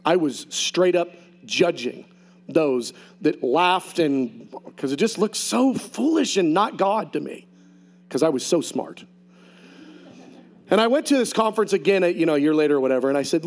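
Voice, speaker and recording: Man, preacher, high voice, very lively pitch, animated storytelling. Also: fairly quick. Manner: animated storytelling with shouted quoted outbursts. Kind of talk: sermon testimony.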